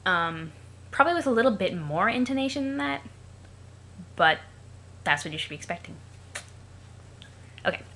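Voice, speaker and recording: A woman's voice: mid-range voice, sing-song, normal speed, pauses often, a bit bright, slight background noise. A woman casually commenting on a webcomic playthrough, chatty, rambling and crude. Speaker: let's play host.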